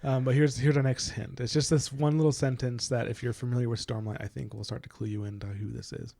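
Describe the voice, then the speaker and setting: A man's voice: mid-range voice, little pitch movement, fast talker, gravelly, warm tone. Man eagerly recapping book hints. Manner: eager, recaps plot hints with many fillers. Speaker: podcast co-host. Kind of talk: casual book discussion.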